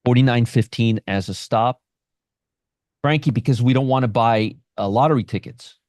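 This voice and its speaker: A man's voice: mid-range voice, normal speed, darkish tone, no echo, clean studio sound. A man hosting a live stream on options trading, brash and sarcastic, answering viewers from the chat by name.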